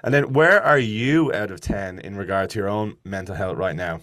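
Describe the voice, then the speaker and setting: Low-voiced podcast host. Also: male voice, moderate pace, a bit bright, no echo. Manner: friendly and chatty, laughs easily. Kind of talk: casual interview hosting.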